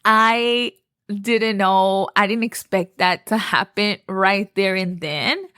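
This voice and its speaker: A young woman from Texas tells a story on her podcast, gushing and full of "like". Her voice sits at a middle pitch. The close mic gives a dry sound no room in it. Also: steady tone, slow, bright, forceful tone, clear, resonant tone, no echo. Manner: chatty, gushing, says "like" often. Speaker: podcast host. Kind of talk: casual storytelling.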